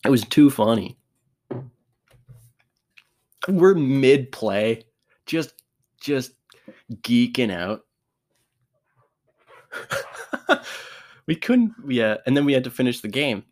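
A man's voice: mid-range voice, very animated, slow, long pauses, a little mellow. A young man telling a sports story casually, laughing often, swearing and restarting his sentences.

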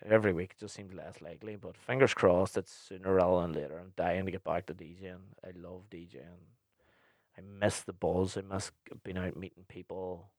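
A young man with a fairly low voice, chatting on his podcast. He talks bluntly, swears freely and rambles with plenty of ums. The recording is dry and close, with no room sound. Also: fairly even intonation, moderate pace, darkish tone, dry recording. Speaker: podcast host and DJ. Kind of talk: casual podcast chat, answering listener questions.

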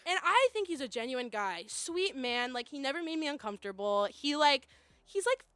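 A young woman tells a story in a lively, animated way, jumping into the voices of the people she quotes. Her voice sits high, and the sound is dry and close, with no room around it. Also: normal speed, dry recording. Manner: animated, acts out quoted voices, laughs often. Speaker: guest storyteller. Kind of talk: casual storytelling chat.

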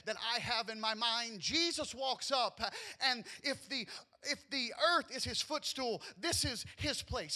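Brief: emphatic, playful male preacher with a bright, forceful tone. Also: very high-pitched. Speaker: pastor. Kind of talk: sermon.

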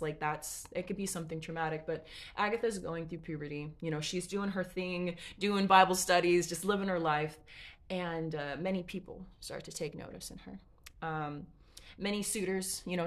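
A woman casually retelling a story in a chatty, digressive, frank way, with asides and swearing. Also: on the low side.

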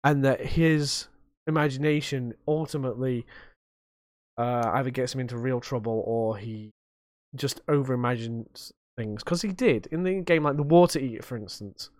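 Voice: medium pitch, normal speed, darkish tone, no echo, clean studio sound. A young adult podcast host chatting casually, rambling and swearing freely with a self-mocking streak.

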